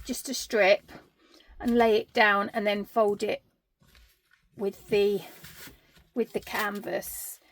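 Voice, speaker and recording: A woman giving a casual sewing tutorial, chatty and self-deprecating, thinking aloud with plenty of ums and restarts. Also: a little high.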